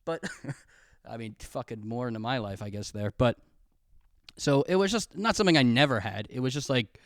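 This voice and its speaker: A man's voice: mid-range voice, animated, normal speed, a bit bright, dry recording, clean studio sound. A young man hosting a podcast, telling a long childhood story in a rambling, profane, self-mocking way, laughing often. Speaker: podcast host. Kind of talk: casual storytelling monologue. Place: home room, recorded on camera. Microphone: camera mic.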